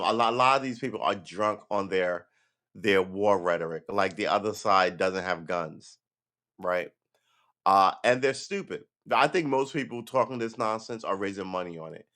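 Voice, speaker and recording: An American man with a fairly low, slightly bright voice hosts a casual livestream. He rambles, swears, and throws in sarcastic asides.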